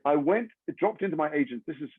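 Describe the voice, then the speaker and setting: An English actor being interviewed, telling long rambling anecdotes with self-deprecating humor. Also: male voice, a little high, animated, quick pace, husky, no room sound. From England. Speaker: actor guest. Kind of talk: interview storytelling. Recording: tinny phone-like line, dry.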